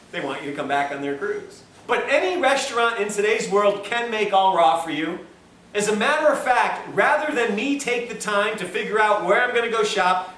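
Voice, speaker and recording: A man's voice: high voice, sharp tone, slight background noise. A man giving a lecture at a health institute, telling a story in a chatty, joking way full of self-mocking asides. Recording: echoey room, distant mic, faint ambience.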